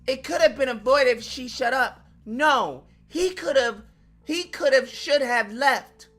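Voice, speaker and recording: A man's voice: extremely high pitch, measured pace, a bit bright. A man hosting his own channel, delivering an emphatic, profane commentary rant and repeating lines for effect.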